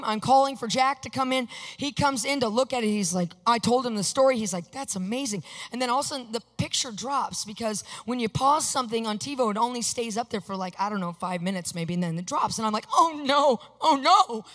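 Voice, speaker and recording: Female preacher, animated storyteller, slightly high voice, big reverberant hall. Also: fast talker, few pauses. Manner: animated, acts out her own reactions. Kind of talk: sermon telling a personal story.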